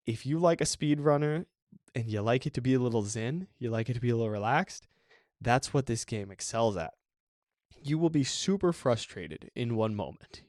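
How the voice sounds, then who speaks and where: A man's voice: mid-range voice, darkish tone, no room sound, studio quality. A man hosting a podcast, talking casually and enthusiastically about a video game, rambling a bit with restarts and small laughs. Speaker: podcast host. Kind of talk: casual game review monologue.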